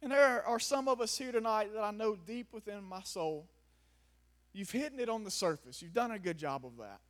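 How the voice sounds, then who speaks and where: Male preacher, high-pitched, passionate sermon delivery that swings from hushed to near-shouting. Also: expressive, moderate pace. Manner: impassioned, swings between quiet reflection and raised, near-shouted pleading. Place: before a gathered audience in a room.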